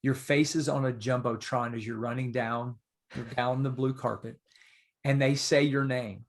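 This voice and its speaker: Man, podcast guest, casual storytelling, animated, emphatic, earnest, mid-pitched voice. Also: unhurried.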